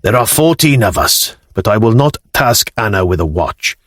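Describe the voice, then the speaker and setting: A male narrator voicing a weary, wounded Norse warrior leader who speaks bluntly and gruffly in an audiobook. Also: lowish voice, sing-song, normal speed, fairly bright tone, dry recording, studio quality. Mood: commanding.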